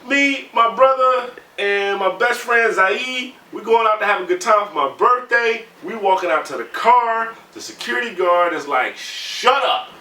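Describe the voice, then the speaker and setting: Man in his 30s, candid storytelling, bright voice, echoey room, off-mic, faint hum. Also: high voice, expressive, normal speed, few pauses. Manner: conversational, heated when recounting, many "you know" fillers. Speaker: navy sailor interviewee. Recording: roomy sound, mic at a distance, faint background hum.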